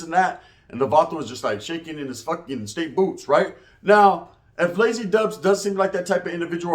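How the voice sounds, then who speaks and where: A man, giving rambling, profane commentary in street slang with Spanish words mixed in. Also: high-pitched. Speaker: commentary vlogger.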